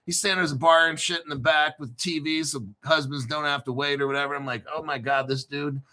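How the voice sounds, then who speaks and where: A man's voice: on the high side, steady tone, fast talker, pushed and bright. A middle-aged man hosting a crypto show, joking and swearing as he tells rambling stories. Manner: joking, profane, storytelling. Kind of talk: rambling casual monologue.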